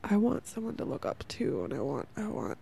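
A woman's voice: sits low, big pitch swings, fairly quick, creaky, mellow, slight background noise. A young woman hosting a casual spiritual self-help podcast, rambling earnestly with lots of "like" and laughing at herself. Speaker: podcast host.

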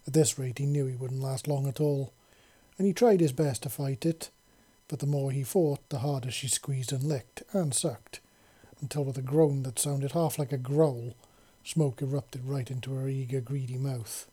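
A man reading a story aloud in a steady, unhurried way. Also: medium pitch, breathy edge. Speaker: narrator.

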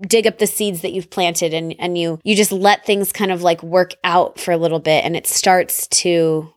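A woman in her thirties, a podcast host and business coach, telling her story in a lively, rambling way that often breaks off and restarts mid-sentence. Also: on the low side, moderate pace, no echo, studio quality. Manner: energetic, rambling, self-interrupting. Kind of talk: casual storytelling monologue.

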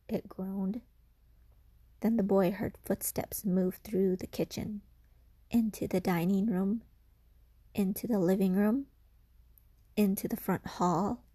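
A woman's voice: mid-range voice, fairly even intonation, takes it slowly, long pauses, mellow, slightly rough, no echo. A woman telling a spooky folk tale in a dramatic way, sometimes dropping into a whisper. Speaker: storyteller.

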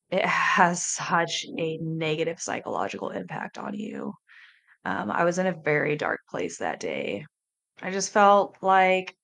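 A woman in her thirties, a life coach hosting a podcast, telling her personal story in a candid, emotional, halting way. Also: on the low side, gravelly, a bit bright.

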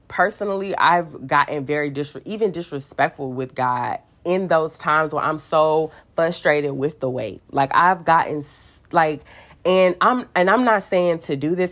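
A young woman with a low-pitched voice shares her faith in a casual, sassy way. She tells personal stories animatedly, full of slang, and acts out quoted voices. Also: fairly bright tone.

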